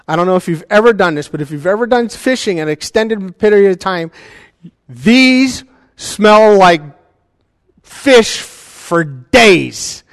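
A man preaching a sermon as a pastor, animated and conversational, with joking asides to the congregation. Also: high-pitched, no echo, clean studio sound, in a large hall.

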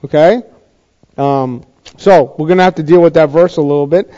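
A man's voice: on the high side, moderate pace, dark tone, highs cut off. A middle-aged man preaching a sermon in a conversational way, often asking the congregation questions. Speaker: pastor.

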